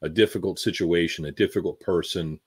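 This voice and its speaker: A man hosting a casual interview, asking questions with many pauses and fillers. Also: sits low, fairly even intonation, breathy edge, dry recording, clean studio sound. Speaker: podcast host.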